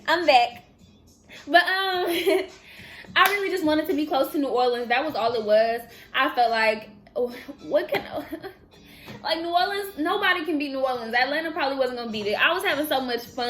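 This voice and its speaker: Soft music plays behind this high-voiced vlogger, a San Francisco Bay Area woman in her 20s speaking at a moderate pace. She fields viewer questions with lively, chatty energy, often laughing and trailing off mid-thought.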